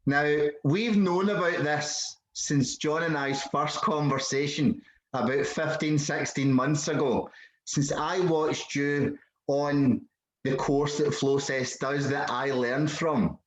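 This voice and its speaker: Chatty Scottish man, roomy echo. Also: mid-range voice. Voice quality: chatty, warm-hearted, rambling with fillers. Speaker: host. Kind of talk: casual video chat.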